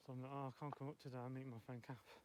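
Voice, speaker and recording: Man, breathless, rambling vlog chat, walking uphill, clear outdoor noise. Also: mid-range voice, level tone, very fast. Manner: chatty, rambling, self-interrupting. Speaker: vlogger.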